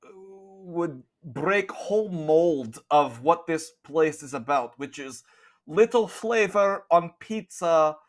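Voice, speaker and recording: A man voicing a gruff, bossy nun cook in a tabletop game, speaking in curt, clipped broken phrases. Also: fairly high pitch, lively intonation, takes it slowly, voice pushed up. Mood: impatient.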